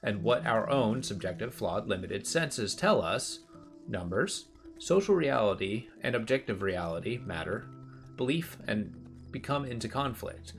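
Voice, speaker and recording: Lively male game streamer. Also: lowish voice, a little slow, faint music behind. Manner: reads on-screen text aloud and remarks on it offhandedly. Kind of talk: casual game commentary.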